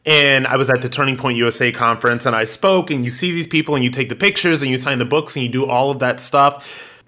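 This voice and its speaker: Podcast host guy, bright forceful voice, lots of um you know and restarts. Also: medium pitch, quick pace. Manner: animated, with many fillers and restarts. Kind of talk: casual commentary.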